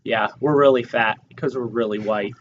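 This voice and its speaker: A man's voice: mid-range voice, fairly even intonation, normal speed. A young man co-hosting a podcast, joking and teasing in casual chat on a handheld mic. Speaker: podcast co-host. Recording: dull lo-fi mic with faint noise.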